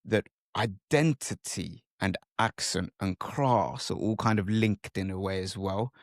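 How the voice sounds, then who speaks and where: A man's voice: low-pitched, measured pace, dry recording, clean studio sound. A man hosting a podcast interview, asking questions in a hesitant way, searching for his words. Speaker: podcast host.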